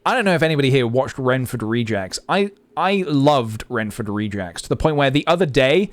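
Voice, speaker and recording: A man's voice: medium pitch, animated, brisk, no room sound. A young man live-streaming, chatting casually and thinking aloud with lots of fillers as he goes.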